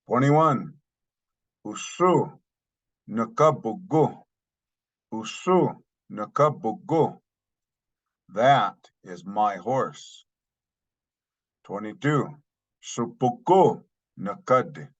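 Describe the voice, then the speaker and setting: A man teaching a language lesson, saying each phrase twice slowly and then explaining it in plain terms. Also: lowish voice. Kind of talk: slow spoken language lesson.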